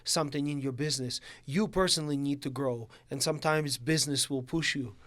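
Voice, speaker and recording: A man's voice: medium pitch, fairly quick, a bit bright. A man hosting a podcast interview, conversational, often checking in with "right?". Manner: conversational, tags questions with "right". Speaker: podcast host. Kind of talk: casual interview talk.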